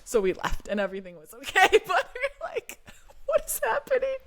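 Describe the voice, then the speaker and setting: A woman's voice: fairly high pitch, wildly swooping pitch, brisk, pushed and bright. Giggly woman telling stories. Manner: giggly, storytelling with many "like"s. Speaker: podcast co-host. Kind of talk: casual chat.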